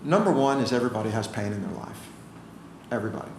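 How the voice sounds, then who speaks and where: A man's voice: fairly low pitch, fast talker. An American man, a chiropractor, telling stories in a casual interview, acting out the voices of the people in them. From United States. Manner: animated storyteller, acts out quoted voices. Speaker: chiropractor guest. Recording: roomy with faint ambient noise.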